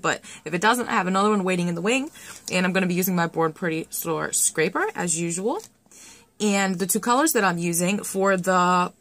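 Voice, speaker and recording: Young woman, chatty nail tutorial vlogger, excitable, dry close sound. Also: medium pitch, no echo. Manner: chatty and excitable, many fillers. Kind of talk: casual tutorial chat.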